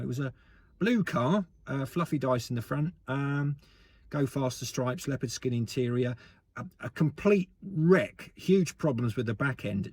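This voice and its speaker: A man with an English accent delivering a deadpan, rambling improvised comic monologue, full of fillers. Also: mid-range voice, slight background noise. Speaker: comedy sketch host.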